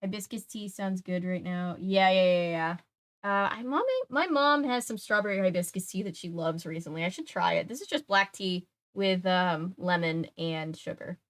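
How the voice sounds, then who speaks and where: A woman's voice: on the low side, moderate pace. Chatty young woman streamer, filler-heavy. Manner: chatty, many filler words, talks to chat. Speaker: live-stream host reading a book aloud. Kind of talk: casual live-stream chat.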